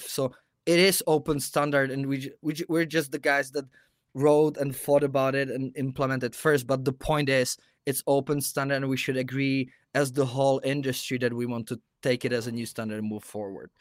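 A man's voice: medium pitch, little pitch movement, fairly quick, dry recording, clean studio sound. A male guest explaining a technical project in a hesitant way, with frequent restarts. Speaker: guest from a mining company. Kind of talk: interview answer.

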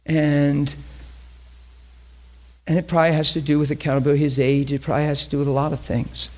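A man's voice: on the high side, level tone, a little fast, a little mellow. A man preaching in a conversational, emphatic way, often repeating phrases as he teaches. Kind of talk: sermon teaching.

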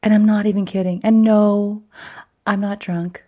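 A woman's voice: medium pitch, level tone, moderate pace, warm tone. A middle-aged woman coach hosting her podcast in a casual monologue, bubbly and chatty, laughing often between thoughts. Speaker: podcast host and wellness coach.

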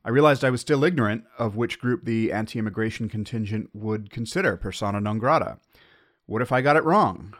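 Wry, musing American man, podcast host. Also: fairly low pitch. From United States. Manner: musing, self-questioning, wry. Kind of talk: reflective solo podcast monologue.

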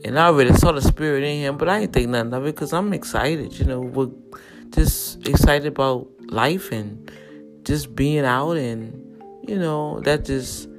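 A woman with a notably low voice tells her story straight to her viewers. She talks in a chatty, looping way, calls out to her audience and circles back over her words. Soft guitar music plays faintly behind her. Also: normal speed. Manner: chatty, addresses viewers directly, repeats words as she goes. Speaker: vlogger sharing a personal story.

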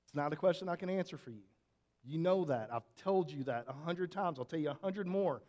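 A man's voice: on the high side, animated, a little fast, a little mellow. A man preaching a conversational sermon as pastor, asking rhetorical questions and often restarting his sentences.

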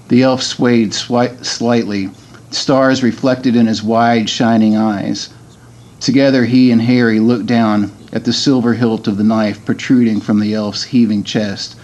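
A man's voice: medium pitch, fairly even intonation, a little slow, a little mellow, highs cut off. A middle-aged man, a podcast guest, chatting casually and reading a book aloud, hesitant with many ums and restarts.

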